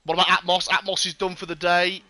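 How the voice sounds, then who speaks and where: A man commentating a sim race on a casual live stream, excitable, sweary and jokey. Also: high-pitched, quick pace.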